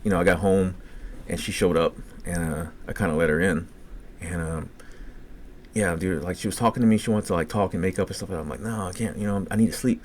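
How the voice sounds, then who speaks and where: A man's voice: low voice, fairly even intonation, brisk, a little hiss or hum. A man with a Cajun accent telling rambling, profane personal stories on a casual podcast. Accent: Cajun English. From Louisiana. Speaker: podcast co-host.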